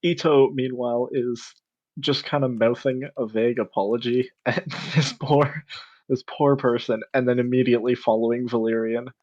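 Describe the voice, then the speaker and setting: A man's voice: mid-range voice, steady tone, normal speed, darkish tone. Laid-back man playing a tabletop game. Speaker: player. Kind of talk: describing actions in a tabletop game. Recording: dull lo-fi sound.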